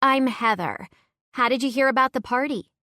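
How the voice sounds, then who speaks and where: A woman reading an audiobook, voicing a friendly, bubbly young woman at a biker party in a raised, brighter voice. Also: sits high, normal speed, no echo, clean studio sound, voice pushed up. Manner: eager, chatty.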